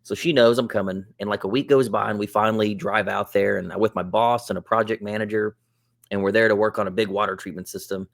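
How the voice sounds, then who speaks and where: Guy with a lowish voice, podcast guest, laid-back chatty storytelling, lots of likes and uhs. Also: fast talker, gravelly. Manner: relaxed, chatty, with lots of fillers like "like" and "uh". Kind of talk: casual storytelling.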